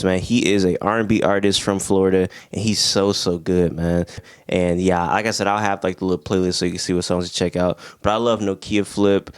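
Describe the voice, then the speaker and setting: A young man talks through his favorite records with loose, slangy excitement, laughing and singing snippets as he goes. His voice sits a little low, and the recording is dry and close. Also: no room sound. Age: young adult. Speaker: music reviewer, channel host. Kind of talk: casual album review.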